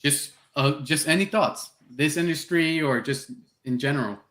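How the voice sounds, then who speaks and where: A man hosting a podcast, asking relaxed, casual questions in an interview. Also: on the high side, moderate pace. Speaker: podcast host. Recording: roomy, echoey room sound.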